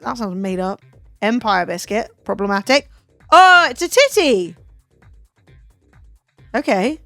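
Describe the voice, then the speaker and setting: A woman's voice: fairly high pitch, no echo. A young English woman streaming, chatting casually with lots of swearing and joking asides. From England. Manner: swears freely, animated and jokey. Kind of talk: casual chat.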